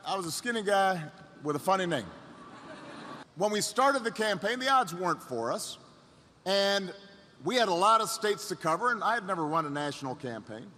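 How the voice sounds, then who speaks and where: A middle-aged man giving a storytelling speech as a political speaker. He starts over and repeats himself, then builds up to shouted rallying lines. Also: sits high, in a large hall.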